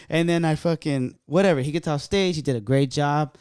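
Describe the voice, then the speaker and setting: A man telling a story in a casual podcast chat, animated and profane, acting out what people said. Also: fairly high pitch, a little fast, smooth, no echo, studio quality. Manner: profane, animated, acts out quotes.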